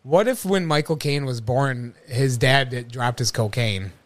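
A man's voice: mid-range voice, unhurried. A man co-hosting a casual movie commentary podcast, riffing and joking with friends. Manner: joking, riffing, laughs often. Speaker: podcast co-host.

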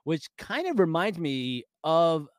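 A man's voice: a little high, slow pace, no room sound. Chatty man with a dry close sound. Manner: animated, laughs often, recaps episodes. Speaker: podcast co-host. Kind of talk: casual fan discussion.

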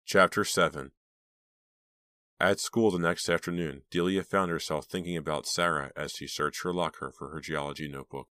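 A man narrating a teen thriller audiobook in a measured storytelling voice. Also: extremely low pitch, steady tone, bright, forceful tone, dry recording, clean studio sound. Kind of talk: scripted narration.

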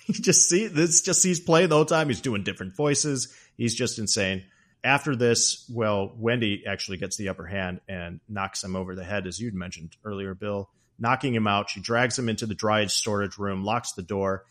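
A man hosting a podcast, casually discussing a film with animated storytelling. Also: lowish voice, normal speed. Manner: animated storytelling, acts out quotes. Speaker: podcast host.

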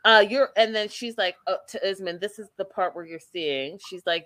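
A woman's voice: medium pitch, normal speed, no room sound. A woman hosting a casual chat, animatedly recapping a reality show and acting out what people said. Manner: animated storyteller, acting out quotes with emphasis.

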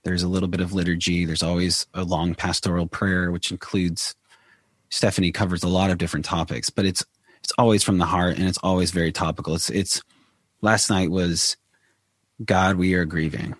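Low-voiced guy, church member, halting and unsure, dry sound. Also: level tone, no room sound. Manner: hesitant, searching for words. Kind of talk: casual conversation.

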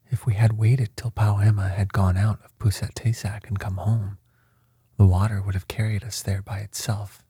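A man doing a lazy canoe man, hushed. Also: fairly low pitch, flat delivery, moderate pace, breathy edge, dry recording, studio quality. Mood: grumbling. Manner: soft, half-whispered.

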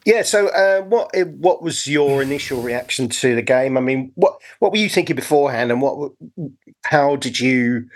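Casual podcast host, halting. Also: male voice, medium pitch. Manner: hesitant, full of fillers and restarts. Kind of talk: casual football chat. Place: on holiday, speaking remotely.

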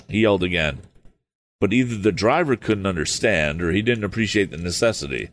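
A man's voice: low voice, lively intonation, brisk, slight background noise. A man reading an old novel aloud, stopping for hesitant, apologetic asides. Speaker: audiobook reader.

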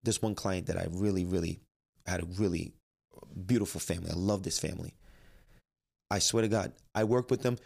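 A man telling a personal story in lively, dialogue-filled storytelling, acting out what he and others said. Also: low voice, brisk, creaky, pauses often. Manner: animated, quotes himself and others in dialogue. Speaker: life coach and trainer.

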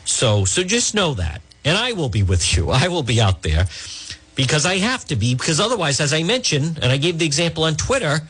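Husky, emphatic talk radio man. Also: on the high side, sing-song, fairly quick, a bit bright. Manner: emphatic, restarts and repeats words.

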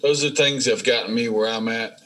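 A man, a business owner being interviewed, telling stories in a casual, animated way and acting out the dialogue. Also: medium pitch, quick pace, low-quality recording. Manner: animated, acts out dialogue in storytelling. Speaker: welding business owner, guest. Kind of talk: casual storytelling.

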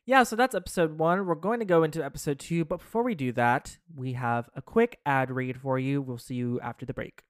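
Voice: mid-range voice, a little fast, few pauses, no room sound, clean studio sound. A podcast co-host in casual chat, thinking aloud with hedges and restarts. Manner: thoughtful, hedging, many restarts.

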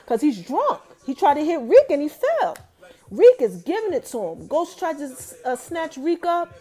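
A young adult woman casually recapping a TV episode, telling it in an animated way and talking straight to her viewers. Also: high-pitched, moderate pace, soft background music.

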